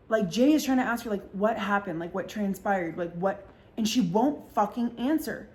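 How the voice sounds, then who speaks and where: A woman's voice: medium pitch, darkish tone. Chatty woman telling a story, full of fillers. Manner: fast-talking, full of fillers and swearing. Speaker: podcast host. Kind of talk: casual storytelling chat.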